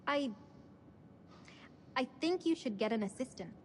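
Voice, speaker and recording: A woman's voice: sits high, animated, unhurried, slight background noise. An actress playing a tentative young woman on a film crew, speaking apologetically with a British accent.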